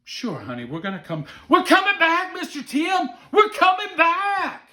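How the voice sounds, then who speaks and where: A man voicing a cheerful young mother in a told story, going well up into a bright, beaming voice. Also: sits high, wildly swooping pitch, moderate pace, echoey room, voice pushed up. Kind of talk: storytelling with acted dialogue.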